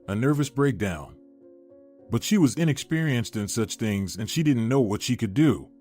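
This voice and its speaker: A man narrating a scripted drama story in a steady, even storytelling manner. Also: mid-range voice.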